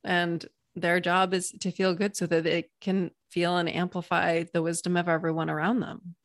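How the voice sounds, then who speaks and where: A woman's voice: on the low side, level tone, moderate pace, no echo, studio quality. A woman coach appearing as a guest in an interview, explaining her ideas in an enthusiastic way with vivid examples and little stories. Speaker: Human Design coach, guest.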